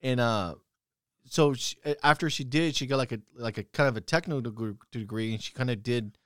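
A man's voice: medium pitch, brisk, a bit bright, dry recording, studio quality. A young man telling stories bluntly and profanely in casual chat, quoting his own heated retorts.

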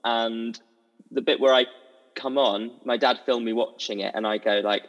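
A young man, a musical theatre performer, telling stories as a guest in an animated, giggly way. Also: mid-range voice, normal speed. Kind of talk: casual chat. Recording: dull audio with long reverb.

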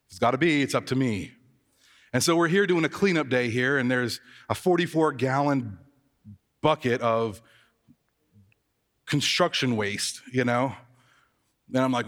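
Pastor in a reverberant hall. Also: male voice, medium pitch, measured pace, pauses often, a bit bright. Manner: conversational, self-deprecating storytelling. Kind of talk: sermon.

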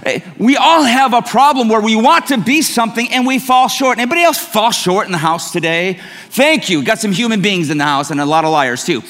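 The preacher, a middle-aged pastor, speaks a little fast with a high, slightly bright voice and lively intonation. His sermon unfolds through conversational, self-deprecating stories, echoing with the long reverb of the church sanctuary.

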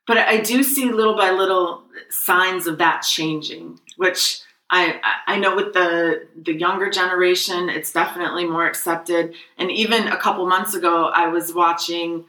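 40s lady cohost, low-ish voice, rambly storyteller, roomy echo. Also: steady tone, normal speed, pushed and bright. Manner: chatty storyteller, laughs often. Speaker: podcast co-host. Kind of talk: casual chat. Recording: echoey room, voice a bit far from the mic.

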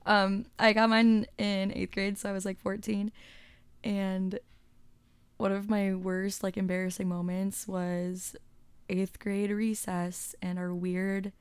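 A woman's voice: mid-range voice, little pitch movement, slow pace, clear, resonant tone, no room sound. A young woman co-hosting a podcast, telling stories in a chatty way, swearing and saying "like" often. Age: young adult. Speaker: podcast co-host. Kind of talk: casual chat.

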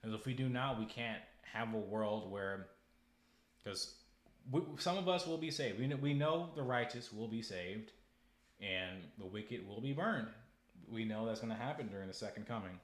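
Low-voiced man rambling in an echoey room. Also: normal speed. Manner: rambling, repeats words, preachy and heated. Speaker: podcast host. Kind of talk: casual podcast monologue.

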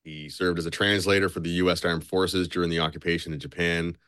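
A man's voice: deep voice, steady tone, fast, a bit bright, smooth, no echo, clean studio sound. A young man on a podcast, casually retelling a story, rambling and cursing a lot. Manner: swears a lot, loose and rambling. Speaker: podcast co-host.

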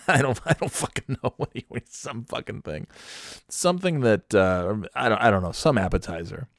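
Man spinning a profane, exasperated workplace story; gravelly low voice, dry sound. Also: lively intonation, normal speed, no room sound. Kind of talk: casual comic anecdote.

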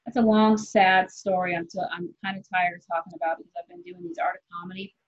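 A woman's voice: fairly low pitch, fairly even intonation. Rambling, foul-mouthed woman comedian. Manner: rambling, candid, swears freely, quick laughs. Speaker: comedian guest. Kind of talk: casual podcast chat. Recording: dull lo-fi sound.

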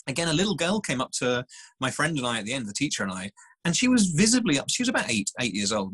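A man, a scientist guest on an interview podcast, telling stories in an animated way with lots of restarts. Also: mid-range voice, quick pace, slightly rough, no echo, rough recording. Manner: animated storytelling, many restarts. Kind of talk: casual interview chat.

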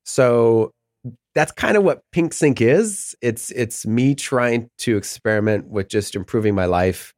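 A man's voice: mid-range voice, animated, unhurried, darkish tone, no echo, clean studio sound. A middle-aged man talking as a podcast guest in casual, rambling chat, often laughing mid-sentence.

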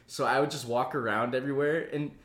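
A man's voice: mid-range voice, steady tone, a bit bright, roomy sound. Joking, swearing male podcast co-host. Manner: swearing, quick to laugh, jokey. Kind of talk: casual comedic chat.

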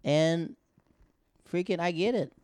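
A young man hosting a podcast, telling funny stories casually and acting out quotes in loud raised voices. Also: a little high, slow pace. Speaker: podcast host. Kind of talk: casual comedic storytelling.

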